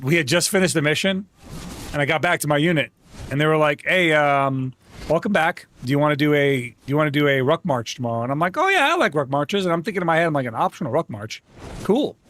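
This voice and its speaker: A man's voice: a little high, fast, a bit bright, dry recording. A young man streaming live, chatting casually with viewers and telling joking stories, with some swearing. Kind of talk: casual chat with livestream viewers.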